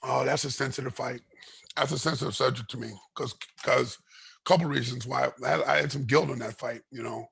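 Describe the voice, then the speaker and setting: A man guest in an interview, telling a long story with animated energy, voicing other people in it, often repeating and restarting his words. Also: mid-range voice, fairly quick. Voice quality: gravelly, raspy. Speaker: guest, retired fighter.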